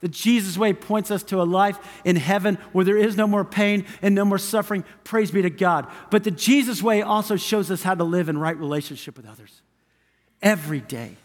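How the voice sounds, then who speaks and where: A male pastor preaches to his congregation in a high, ringing voice, hammering home each point with repeated phrases. His words trail off into the long reverb of a large church hall. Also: fairly quick. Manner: emphatic, repetitive preaching cadence. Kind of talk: sermon. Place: church sanctuary.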